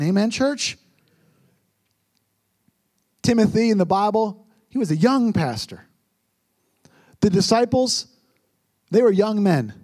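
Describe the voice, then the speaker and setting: A man's voice: sits high, animated, unhurried, pauses often, darkish tone. A young man preaching as pastor, earnest and storytelling, often repeating words for emphasis. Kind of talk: sermon.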